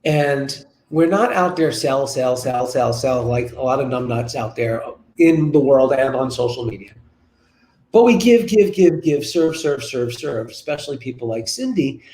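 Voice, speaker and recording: A man's voice: medium pitch, normal speed, few pauses, slight background noise. A man in his forties, a business coach and guest on a web show interview, telling stories energetically and repeating phrases for emphasis from his office over a video call. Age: 40s. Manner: energetic, repetitive, storytelling. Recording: roomy room echo.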